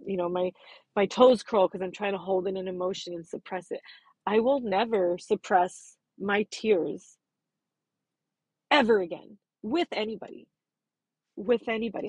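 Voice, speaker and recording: A woman in her thirties speaks in an earnest, self-affirming way, leaning on repeated words for emphasis. Her voice is husky with a gravelly fry at the ends of phrases. The recording is dry and close, with no room sound. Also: medium pitch, a little mellow, no echo. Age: 30s. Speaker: podcast host. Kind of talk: personal reflective monologue.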